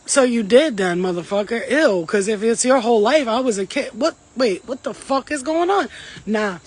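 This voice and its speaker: A woman's voice: fairly high pitch, lively intonation, normal speed, slight background noise. Blunt, swearing woman livestreaming. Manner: profane, blunt, streetwise slang. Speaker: spiritual reader doing a livestream. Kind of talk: casual livestream chat.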